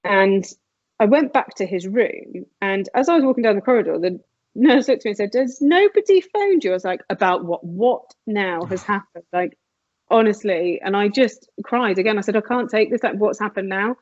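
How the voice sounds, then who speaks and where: A woman's voice: mid-range voice, normal speed, no room sound. A woman, a podcast guest, earnestly telling a personal story and acting out the dialogue in a raised voice. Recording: dull lo-fi, dry sound.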